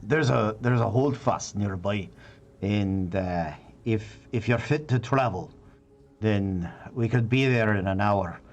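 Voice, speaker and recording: A man putting on a gruff Scottish dwarf. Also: fairly low pitch, slow, lo-fi sound, slight background noise. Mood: brisk. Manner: blunt, clipped, swallowed words. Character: gruff male dwarf clan warrior.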